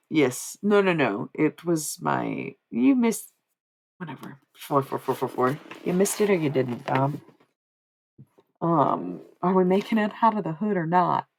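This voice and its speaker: A woman's voice: low voice, vocal fry. A woman streaming live, chatting casually and rambling, with swearing and laughing asides. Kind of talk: casual live-stream chat while reading a book.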